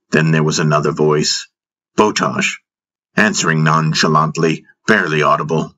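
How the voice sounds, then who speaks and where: A man narrating a fantasy audiobook in the first person, in a measured storytelling manner. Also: rumbling low, steady tone, sharp tone.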